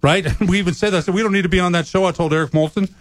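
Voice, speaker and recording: A man chatting as a guest on a sports radio show, rambling and enthusiastic with lots of pauses. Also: sits high, steady tone, dry recording. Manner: rambling, full of uh fillers, enthusiastic. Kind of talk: casual sports radio chat. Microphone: studio mic.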